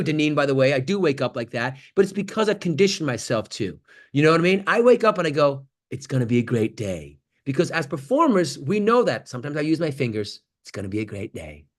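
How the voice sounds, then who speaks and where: A man giving an animated motivational talk on a video call, swinging from loud exclamations to near-whispers. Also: high voice, fast. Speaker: guest speaker on an acting workshop call.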